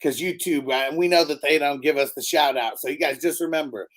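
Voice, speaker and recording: A man's voice: fairly high pitch, a little fast, a bit bright. A young man hosting a fantasy football live stream in loose, slangy chat, often breaking into coughs. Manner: laid-back, slangy, drifts into coughing fits. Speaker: fantasy football show host.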